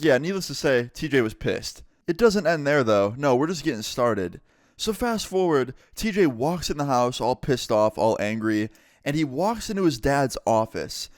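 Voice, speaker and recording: A young man telling a casual, profanity-laced story-time vlog in an animated way. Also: medium pitch, no room sound, clean studio sound. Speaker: vlogger.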